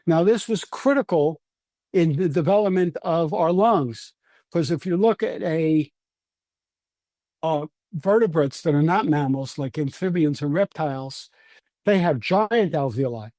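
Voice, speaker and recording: A man's voice: on the high side, animated, a little slow, warm tone, no room sound, studio quality. A man with a Brooklyn accent, a scientist guest patiently explaining things in an interview, often restarting his sentences. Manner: patient, lecturing, with frequent restarts.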